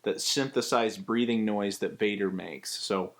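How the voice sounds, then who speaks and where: A man's voice: lowish voice, a little slow. Chatty male voice actor explaining technique. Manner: explains step by step, chatty and relaxed. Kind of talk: casual spoken tutorial.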